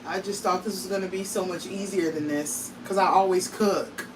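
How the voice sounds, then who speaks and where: A woman's voice: lowish voice, steady tone, normal speed, recorded from a distance, background noise. A woman vlogging casually from her home kitchen, talking straight to her viewers in a tired, emotional way. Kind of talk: casual vlog talk to viewers.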